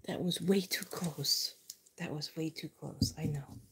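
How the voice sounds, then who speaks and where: A woman's voice: low voice, steady tone, a little slow, a bit bright. An older woman chatting rambly and casually on a livestream at home at night, often dropping to a near whisper. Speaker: livestream host.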